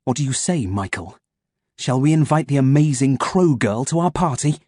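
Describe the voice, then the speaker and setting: A man reading an audiobook, voicing a scheming male scientist villain who taunts in a silky, mock-gentle manner. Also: mid-range voice, animated, moderate pace, no room sound, studio quality, close to an everyday voice. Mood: taunting.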